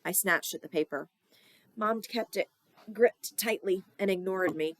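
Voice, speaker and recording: A woman teacher reading a children's novel aloud, giving the characters lively voices. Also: mid-range voice, a little slow, no room sound. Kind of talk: storybook read-aloud.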